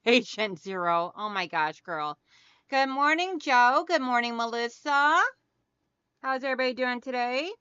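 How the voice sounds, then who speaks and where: A middle-aged woman chats on a home craft livestream, greeting viewers by name in a bright, forceful voice with a smooth, crisp tone. The sound is dry but a bit dull and lo-fi. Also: fairly high pitch, lively intonation, unhurried, no room sound. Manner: chatty, greets viewers by name, calls them hon and girl. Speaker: craft channel host. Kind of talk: casual livestream chat while hand quilting.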